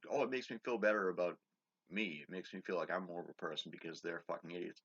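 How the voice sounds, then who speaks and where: A man's voice: low-pitched, bright, forceful tone, husky, lo-fi sound. A man in his thirties rambling in a casual vlog about his day, swearing a lot and restarting his sentences often. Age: 30s. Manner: profane, halting, with many restarts and fillers. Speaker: vlogger. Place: his own bedroom.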